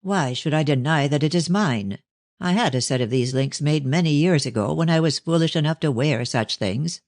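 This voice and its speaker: A stern, cold elderly father, measured and severe, as a man voices him in an audiobook. The sound is close and dry. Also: on the high side, dry recording, natural voice. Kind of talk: audiobook character reading.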